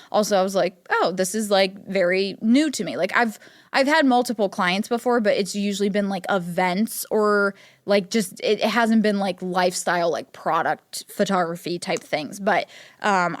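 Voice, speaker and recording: A woman's voice: mid-range voice, no echo. Young woman, podcast host, casual rambling chat, lots of fillers, dry close mic. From Ohio, United States. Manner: chatty, filler-heavy, self-deprecating.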